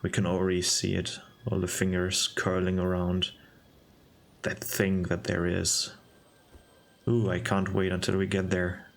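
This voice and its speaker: A young man talks over his gameplay in a low, deep voice. He takes his time, wandering through his thoughts in a relaxed, musing way. He pauses and restarts his sentences as he goes. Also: gravelly. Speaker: game video narrator. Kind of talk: casual gameplay commentary.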